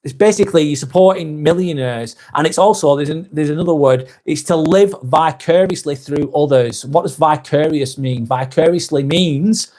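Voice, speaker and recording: A man's voice: a little high, moderate pace, hardly any pauses, darkish tone. A man with a Lancashire accent hosting a live vlog, reading out viewer comments in a blunt, sweary, emphatic way.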